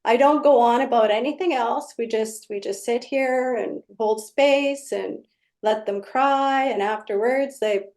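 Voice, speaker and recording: Higher-voiced woman healer explaining. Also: a little slow, a little mellow. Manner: storytelling, acts out client exchanges. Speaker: energy healer. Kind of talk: conversational explanation.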